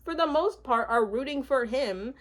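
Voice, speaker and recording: A woman's voice: high-pitched, moderate pace. A woman giving a casual, chatty recap of a reality show, laughing often as she talks. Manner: chatty, giggly and expressive, with frequent laughs. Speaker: TV recap vlogger.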